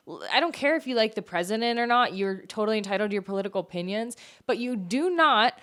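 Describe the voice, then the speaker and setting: A woman's voice: on the high side, quick pace, hardly any pauses, fairly bright tone, clean tone. A woman from the United States hosting a podcast, delivering an opinionated political monologue in an emphatic, argumentative way, full of rhetorical questions. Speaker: podcast host.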